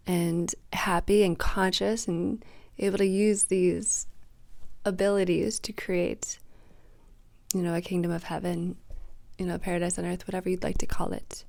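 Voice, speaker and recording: Soft-spoken woman with a gravelly voice. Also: fairly low pitch. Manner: soft-spoken, drops to a whisper at times. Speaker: manifestation coach. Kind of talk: casual reflective vlog talk.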